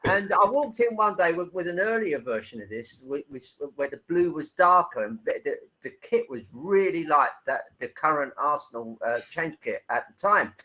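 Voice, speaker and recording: A man's voice: fairly high pitch, expressive, normal speed, few pauses, bright, forceful tone, low-quality recording. A man guest in a casual chat, telling stories and laughing often. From County Clare, Ireland. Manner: chatty storyteller, laughs often. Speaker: podcast guest.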